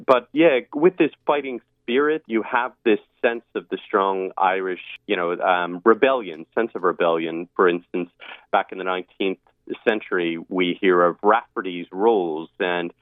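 Man, low-pitched guest expert, thoughtful and a little halting, heard over a phone line. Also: no room sound. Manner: explanatory, with frequent um and uh. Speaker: guest expert on language history. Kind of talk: radio interview. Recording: dry tinny phone line.

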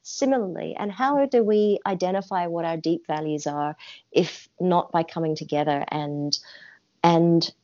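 A woman's voice: fairly low pitch, measured pace, warm tone, lo-fi sound. A woman from Australia, the artistic director of a theatre company, answering interview questions with passion and many restarts. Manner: passionate, emphatic, with frequent restarts.

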